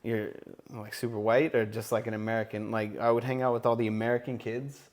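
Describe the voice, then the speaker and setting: A man's voice: medium pitch, flat delivery, brisk. A man who is a guest on a podcast, telling stories animatedly and swearing freely. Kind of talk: casual chat.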